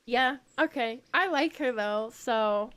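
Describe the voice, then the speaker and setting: A woman streaming a game, chatty and giggly, thinking out loud as she plays. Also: a little high, slow, smooth. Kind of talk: casual game reaction stream.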